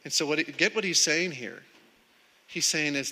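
A man's voice: a little high, normal speed, long pauses, pushed and bright. A man preaching a sermon in a conversational way, often repeating words as he starts a sentence. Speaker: pastor. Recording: long hall reverb.

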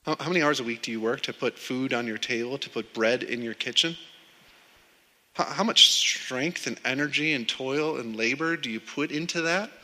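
A man's voice: medium pitch, normal speed, bright, forceful tone. A man preaching a sermon in a conversational way, often repeating words as he starts a sentence. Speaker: pastor. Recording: long hall reverb.

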